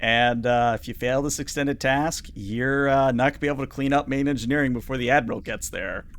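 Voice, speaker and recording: A man's voice: medium pitch, steady tone, a little fast, a bit bright, a little hiss or hum. Brief: chatty game master, man, explaining rules with plenty of ums. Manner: chatty, lots of fillers. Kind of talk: narrating a tabletop game.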